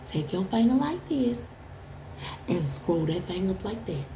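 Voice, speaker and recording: A woman's voice: medium pitch, big pitch swings, a little slow, echoey room, background noise. A woman tarot reader talking straight to her viewers in a blunt, profane, teasing way. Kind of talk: casual direct-to-camera chat.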